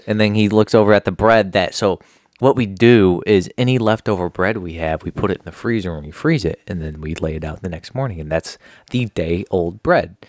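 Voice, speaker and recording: Man, low voice, dry close sound, casual shop story, slips into customer voices. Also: fairly quick, a little mellow, no echo. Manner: laid-back, quotes customers in voices. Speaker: sandwich shop worker.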